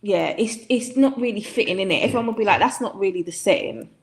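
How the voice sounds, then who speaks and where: A woman's voice: mid-range voice, expressive, fast talker. A woman in a casual chat, giving frank opinions with a laugh.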